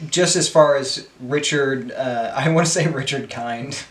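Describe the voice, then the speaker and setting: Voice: mid-range voice, unhurried, reverberant. A co-host of a casual movie review podcast, talking in a laid-back, joking way.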